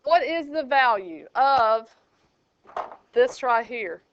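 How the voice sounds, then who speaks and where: A woman's voice: on the high side, expressive, slow pace, slight background noise. A woman math teacher, teaching a classroom and joking with her students. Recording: dull lo-fi classroom recording.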